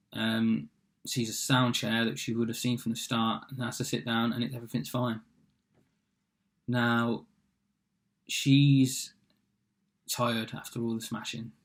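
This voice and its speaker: A young man casually retells a fairy tale from memory. He talks offhand, with many fillers and side remarks. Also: mid-range voice. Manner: rambling and offhand, full of fillers and asides. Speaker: storyteller.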